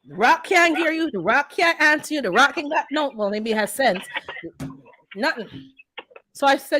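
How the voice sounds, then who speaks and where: Gardening host, woman, higher register, fired-up conversational storyteller. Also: moderate pace, pauses often, dry recording. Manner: animated, heated storytelling. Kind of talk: casual chat.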